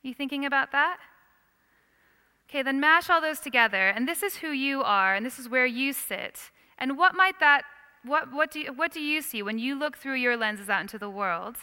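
Woman, teaching a lecture class, bright ringing voice, reverb of a large hall. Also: high-pitched, normal speed, clear, resonant tone. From United States. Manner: lively, engaging, asks the audience questions. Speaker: Christian teacher.

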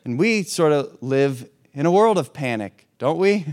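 Conversational preacher, slightly high male voice. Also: expressive, unhurried, a little mellow. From hurricane-prone region. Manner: conversational, with repeated restarts and rhetorical questions. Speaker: pastor. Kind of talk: sermon.

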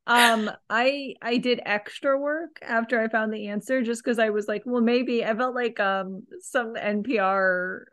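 A woman's voice: on the high side, fairly even intonation, measured pace, few pauses, fairly bright tone. A woman co-hosting a podcast in casual chat, self-deprecating and often laughing. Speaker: podcast co-host.

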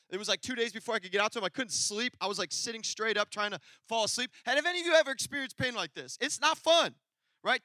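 A man's voice: sits high, bright, forceful tone, dry recording. A man preaching a sermon to a congregation, telling a story with laughter and asides to the crowd. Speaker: pastor. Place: church hall before a congregation.

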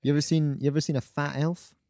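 A man's voice: a little high, level tone, quick pace, warm tone, no echo, studio quality. Wry man with quips. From Scotland. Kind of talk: casual chat.

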